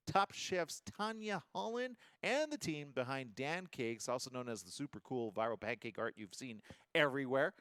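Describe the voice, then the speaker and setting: A man's voice: mid-range voice, clean tone, no echo. A man hosting a morning show, chatting casually and joking through the news. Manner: lively, jokey, animated delivery.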